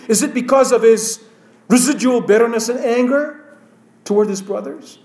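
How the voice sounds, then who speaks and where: A man preaching a slow, emphatic sermon and reading scripture aloud. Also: high-pitched, a little mellow, roomy sound.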